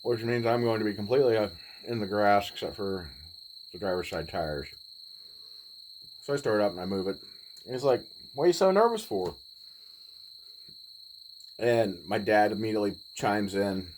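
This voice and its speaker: A man in his forties, telling a personal story in a laid-back, rambling way with pauses. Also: fairly low pitch, steady tone, a little hiss or hum, poor audio. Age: 40s. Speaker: vlogger. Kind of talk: casual storytelling.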